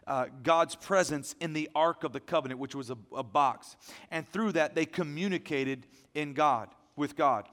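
A pastor preaching a sermon, animated, moving between loud emphasis and hushed asides. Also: male voice, fairly high pitch, moderate pace, big-room sound.

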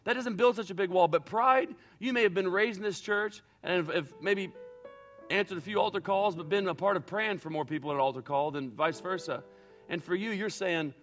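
Dynamic preaching man over soft music. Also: high-pitched, a little fast. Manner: dynamic preaching, swinging between loud acted-out quotes and quiet reflective passages. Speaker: pastor. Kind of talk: sermon.

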